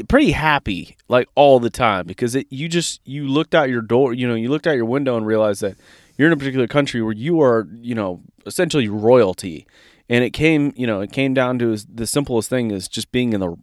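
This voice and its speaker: A man's voice: mid-range voice, no echo, studio quality. A man from Georgia, casually telling a story as a podcast co-host, swearing freely. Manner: animated, casual, swears freely, says dude.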